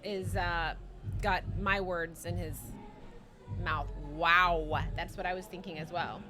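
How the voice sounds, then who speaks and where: A woman's voice: on the low side, steady tone, unhurried, music in the background. A woman commentating live poker with chatty, playful banter that drifts into rambling asides.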